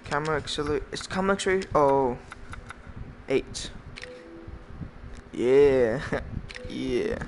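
A man's voice: mid-range voice, measured pace, long pauses, a little hiss or hum, low-quality recording. A man giving joking, squeamish commentary while playing a game, swearing now and then. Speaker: gamer. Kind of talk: gameplay commentary.

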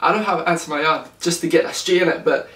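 A man's voice: fairly high pitch, fast talker, pushed and bright, distant mic, slight background noise. Male vlogger, South London accent, rambling jokey slang chat, roomy off-mic sound. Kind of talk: casual chat to camera. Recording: roomy, off-mic, faint music behind.

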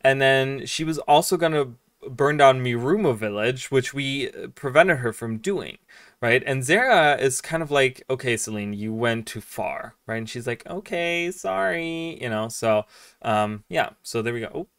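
A man's voice: mid-range voice, moderate pace, a bit bright, no room sound, clean studio sound, far from the mic. Rambling man commenting on a game. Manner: rambling, filler-heavy, reads dialogue aloud. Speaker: streamer playing and commenting. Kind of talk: casual gameplay commentary.

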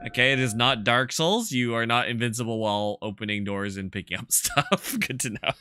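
A man streaming a horror game, excitable, shouting battle cries and laughing as he plays. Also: mid-range voice, a little fast, smooth. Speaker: gaming streamer. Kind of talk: playing and commenting on a horror game. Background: game music.

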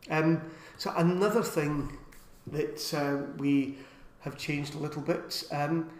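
Chatty man with a higher voice in an echoey room. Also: fairly even intonation. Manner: chatty, rambling, with filler pauses. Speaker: live stream co-host. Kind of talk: casual live stream chat.

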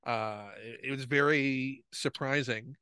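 A man's voice: mid-range voice, fairly even intonation, unhurried, bright, forceful tone, smooth, dry recording. A man hosting a casual interview chat, making short, knowledgeable remarks. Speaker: host.

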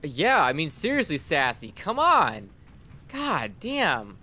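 A man's voice: a little high, huge pitch swings, slow, pushed and bright. A young man casually commenting on a game he plays, joking and sarcastically talking back to the characters. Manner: playful, sarcastic, talks to the characters. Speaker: let's play host. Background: game music.

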